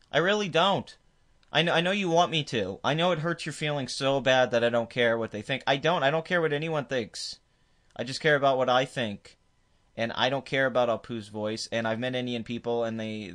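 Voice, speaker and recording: A man's voice: medium pitch, fairly bright tone. A man hosting his own commentary video, ranting emphatically and dismissively with frequent restarts. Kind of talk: opinionated commentary rant.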